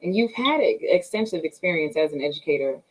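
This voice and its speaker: She hosts an interview in a slightly low voice. She affirms her guest warmly and asks questions in an encouraging way. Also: lively intonation, brisk, rough recording. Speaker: interview host.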